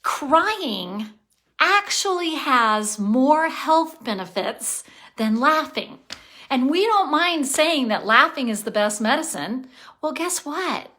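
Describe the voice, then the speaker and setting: Slow, bright-voiced woman vlogging. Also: sits high, big pitch swings. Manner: earnest, passionate, thinking aloud with sighs and laughs. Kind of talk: casual vlog monologue.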